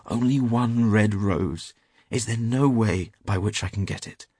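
A devoted nightingale, read by a deep-voiced man. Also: a little slow, a little mellow, husky, no room sound, studio quality. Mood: pleading. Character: female nightingale, tender and devoted.

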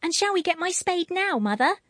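High pleading little girl. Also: big pitch swings, a little fast, fairly bright tone, no room sound, clean studio sound, heavily acted. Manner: pleading, trustful. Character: small girl, pleading and eager.

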